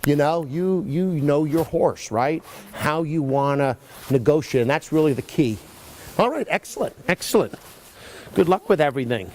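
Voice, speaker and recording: At a horse arena, a middle-aged riding clinician coaches riders in a rambling, chatty way, full of "you know" asides. His voice is on the high side and a little mellow, with lively intonation and a moderate pace, over slight background noise.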